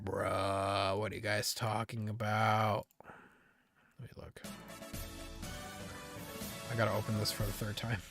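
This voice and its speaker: A live streamer in casual chat with viewers, excitable, laughing often and teasing the chat. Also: medium pitch, measured pace, creaky, long pauses, faint music behind.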